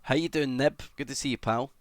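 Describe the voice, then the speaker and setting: A man streaming live, chatting casually as he reads and answers comments, with sudden excited shouts. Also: medium pitch, a little fast, no room sound. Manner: chatty, greets viewers, bursts into excited shouts.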